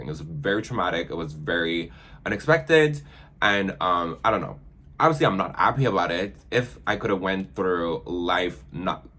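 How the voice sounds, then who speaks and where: This makeup vlogger has a deep male voice that sounds forced and bright. He chats casually through a tutorial, sprinkling in "like" constantly and tripping over words whenever he reads something out.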